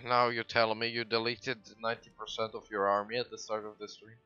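Excitable swearing man streaming a game. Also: fairly low pitch, a little fast, clear, resonant tone, muffled recording, faint music behind. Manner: excitable, swears, sudden loud outbursts. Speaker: gaming livestreamer. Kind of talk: casual gameplay commentary.

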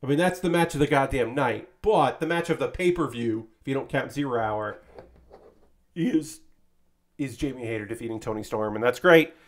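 A man's voice: mid-range voice, normal speed. A man chatting casually on his livestream, rambling and swearing freely, full of restarts and enthusiasm. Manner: rambling, profane, enthusiastic about wrestling; frequent fillers and restarts, acts out quotes animatedly. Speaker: streamer.

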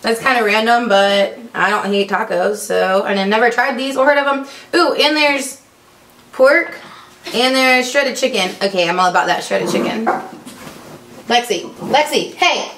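A woman's voice: fairly high pitch, normal speed, fairly bright tone. A young woman chatting through an unboxing vlog, upbeat and full of ums. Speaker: vlogger. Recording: echoey room, faint noise.

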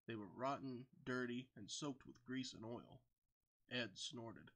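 A man narrating a children's storybook tale in an even, steady manner. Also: mid-range voice, unhurried. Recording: with background music.

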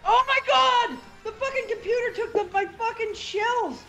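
A player in a casual group gaming stream, loud and swearing constantly, crying out at every setback. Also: extremely high pitch, normal speed, faint music behind, poor audio. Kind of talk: casual live gaming chat.

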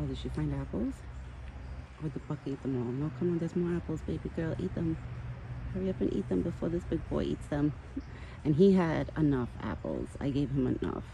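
Chatty woman vlogging outdoors, gravelly voice. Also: sits low, noisy background. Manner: chatty, affectionate, many "like"s. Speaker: vlogger caring for a pet deer. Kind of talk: casual outdoor vlog chat. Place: outdoors in a backyard.

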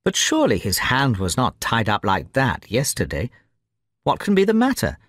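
A man's voice: mid-range voice, wildly swooping pitch, normal speed, a bit bright, dry recording. Audiobook part: male narrator voicing a jittery, convalescent young man, querulous and uneasy, dry close sound. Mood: anxious. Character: nervous, querulous young man weak from illness.

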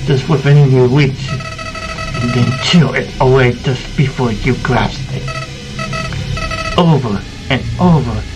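An adult man voicing a sinister, scheming talking flower villain in a slow, taunting fan voice-over of a video game. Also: mid-range voice, huge pitch swings, low-quality recording. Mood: menacing. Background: game music.

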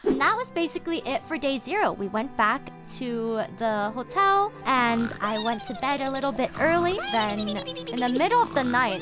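A young woman vlogging, telling con stories in an animated, chatty way and cutting off her own swear words. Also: high voice. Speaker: VTuber vlogger. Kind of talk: casual storytelling vlog. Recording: music bed under the voice.

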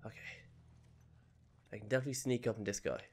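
A man's voice: lowish voice, steady tone, fast talker, a little mellow, a little hiss or hum. A man giving casual, jokey let's-play commentary into a desk microphone at home, reacting to the game and dropping to whispers while sneaking. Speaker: gameplay commentator.

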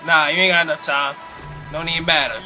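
A man's voice: fairly high pitch, little pitch movement, fast talker, bright, forceful tone, soft background music. Hyped trash-talking young man gaming. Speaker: gaming YouTuber. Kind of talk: live gameplay commentary.

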